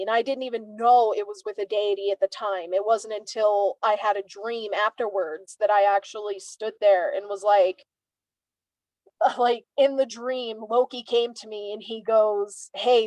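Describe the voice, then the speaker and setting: A young woman from Savannah, a guest in a casual conversation, animated as she tells stories and acts out what others said. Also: mid-range voice, no room sound, low-quality recording. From Savannah, Georgia, US. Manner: animated storyteller, acts out quoted speech.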